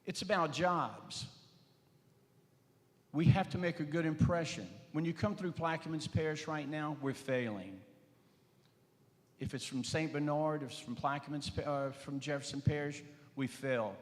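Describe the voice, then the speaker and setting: Older man, earnest campaign pitch. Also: measured pace. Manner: earnest, emphatic, rising to punchy slogans. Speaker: candidate for parish president. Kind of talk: closing statement at a candidates forum. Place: school auditorium. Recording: reverberant auditorium with long echo.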